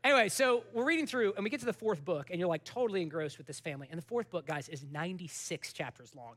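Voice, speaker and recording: A man, a pastor in his thirties, preaching in a conversational, animated way, with sudden drops to a soft voice while telling stories. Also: high-pitched, fast, few pauses. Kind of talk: sermon.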